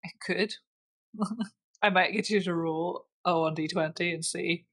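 Woman running a tabletop game, lowish voice, lots of ums and little laughs. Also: measured pace. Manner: relaxed, giggly narration with many fillers. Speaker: game master.

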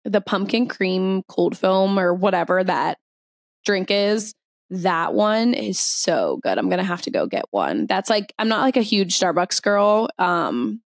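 A woman's voice: fairly low pitch, sing-song, unhurried, gravelly, dry recording. A young woman co-hosting a podcast in casual chat, talking chattily with lots of fillers and giggles. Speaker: podcast co-host.

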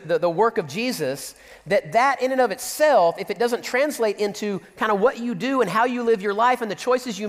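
A man preaching a sermon, reading scripture aloud and acting out the quotes with lively emphasis. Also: high voice, in a large hall. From Central Texas. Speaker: pastor.

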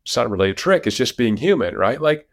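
A man as an interview guest, talking over a video call, lively and animated as he tells stories from his research. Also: medium pitch, fast talker, no room sound, clean studio sound. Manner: animated storyteller, lively when telling anecdotes. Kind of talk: interview conversation. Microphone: remote video call.

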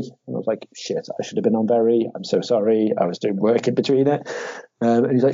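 Young man, casual podcast chat, animated storyteller, mellow husky voice. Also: medium pitch, fast. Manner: animated storytelling, acts out quotes in a raised voice, swears, laughs often. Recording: dull lo-fi audio.

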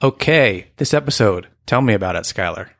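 A man co-hosting a podcast in casual chat, upbeat, with quick affectionate asides. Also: on the low side, lively intonation, fairly bright tone, no echo, clean studio sound. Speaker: podcast co-host.

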